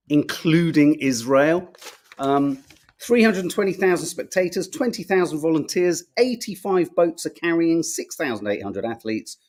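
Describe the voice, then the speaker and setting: Lively, higher-voiced man. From Britain. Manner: chatty, wry and sarcastic, muses aloud. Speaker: podcast host. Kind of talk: casual newspaper review chat.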